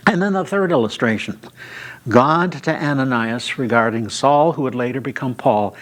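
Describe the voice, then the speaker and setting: A man teaching a Bible study, retelling scripture stories at an unhurried pace with frequent filler sounds. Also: mid-range voice, fairly bright tone.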